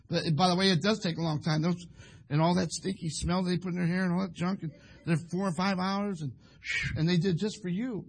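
A man's voice: high voice, steady tone, a little fast, husky. A man preaching a sermon in a folksy, rambling way, acting out little scenes between husbands and wives. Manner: folksy, rambling, acts out quoted couples.

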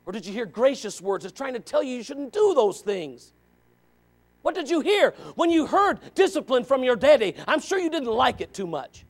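High-voiced man preaching a lively sermon. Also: normal speed. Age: 40s. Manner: animated, questioning, swings from loud to quiet. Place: church.

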